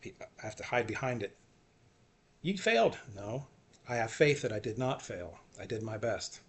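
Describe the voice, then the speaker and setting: A man giving an earnest, self-encouraging faith talk, repeating short phrases and often trailing off softly. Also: fairly low pitch, normal speed. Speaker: faith vlogger. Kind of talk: personal faith talk to camera.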